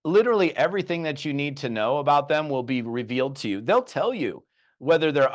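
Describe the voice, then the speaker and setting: Animated man coaching salespeople. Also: fairly high pitch, a little fast. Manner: lively storytelling with acted-out dialogue. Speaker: network marketing trainer. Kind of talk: animated training talk.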